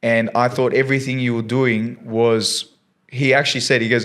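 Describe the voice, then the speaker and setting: A man's voice: mid-range voice, little pitch movement, moderate pace, fairly bright tone. A man, a science teacher and podcast guest, earnestly telling a long story in a rambling casual way, with many fillers.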